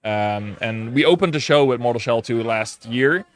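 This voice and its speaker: A man with an ordinary mid-range voice talks about his work in a casual interview. He sounds relaxed, teasing now and then. He leans on fillers as he goes. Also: mid-range voice, normal speed. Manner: relaxed, joking, with frequent fillers. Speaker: game publisher guest.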